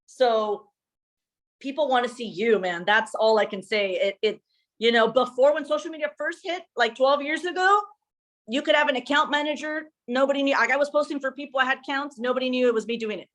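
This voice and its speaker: A young adult woman with a high, bright-sounding pitch talks shop as a social media consultant. Her delivery is lively and chatty, with a few Spanish phrases mixed in. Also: brisk. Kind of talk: casual workshop chat.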